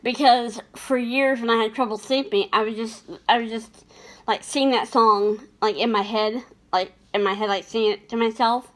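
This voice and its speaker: Chatty high-voiced woman vlogger. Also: fairly even intonation, moderate pace. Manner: chatty, laughs often, many fillers and restarts. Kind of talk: casual chat about favorite movies.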